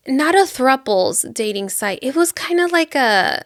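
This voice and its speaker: A woman's voice: high voice, very animated, measured pace, no echo, clean studio sound. A woman podcast host casually retelling a book plot in a rambling way, with lots of filler words. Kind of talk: casual chat.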